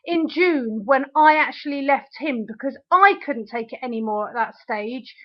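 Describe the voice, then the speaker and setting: A woman's voice: high-pitched, lively intonation, normal speed. A young woman recording an angry video diary at home, ranting, sarcastic and swearing, close to tears at times. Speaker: video diarist. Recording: dull lo-fi webcam audio.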